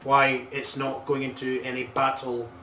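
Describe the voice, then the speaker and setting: A man acting as a medium on a ghost hunt, giving halting, searching readings and often repeating himself. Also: medium pitch, monotone, bright, forceful tone, roomy sound, recorded from a distance, slight background noise. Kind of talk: psychic readings on a paranormal tour.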